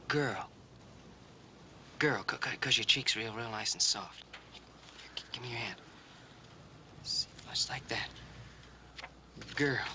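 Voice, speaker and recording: A patient young teacher, soft and coaxing. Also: male voice, mid-range voice. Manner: slow, coaxing, gentle, often hushed. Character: patient young man teaching a deaf girl. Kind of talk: 1960s television western drama. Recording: hissy old TV soundtrack.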